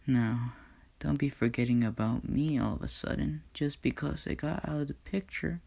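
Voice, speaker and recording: A man voicing a cruel, mocking female dark entity in a fan story, speaking in a taunting, sneering way. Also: medium pitch, moderate pace, gravelly, voice pushed up.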